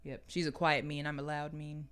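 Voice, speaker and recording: A woman with a bright, pointed tone trades teasing stories as a podcast co-host. Her chat is loose and playful, and laughter keeps breaking in. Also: sits low, flat delivery, moderate pace, clear, resonant tone. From Kansas City, Missouri. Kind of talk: casual chat.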